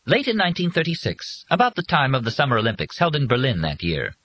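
A man narrating a storybook and voicing a dutiful male robot servant who speaks formally and calmly in a husky voice. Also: medium pitch, fast, voice pushed up, heavily acted, rough recording. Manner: formal, calm and explanatory.

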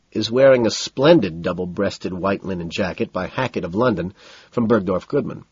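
Man, first-person audiobook narration, cool, detached, husky voice, lively pitch, dry dull recording. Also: no room sound.

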